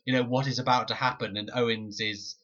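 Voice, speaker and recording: A man's voice: medium pitch, fairly even intonation, brisk, a bit bright, muffled recording. A man co-hosting a wrestling podcast, rambling and swearing with lots of fillers. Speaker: podcast co-host. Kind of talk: casual podcast chat.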